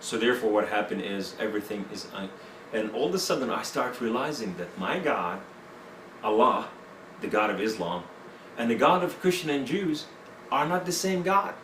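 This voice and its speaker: A male interview guest with a mid-range, slightly bright voice speaks animatedly at normal speed, offering personal testimony in broken English heavy on fillers. A little hiss or hum sits under the echoey, distant-mic recording.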